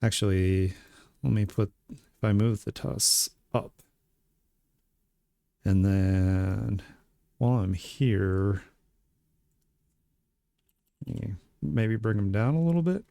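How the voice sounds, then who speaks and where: A man's voice: lowish voice, slow pace, creaky, pauses often, dark tone, dry recording. A man chatting casually as a streamer while he makes art, laid-back and joking at his own expense.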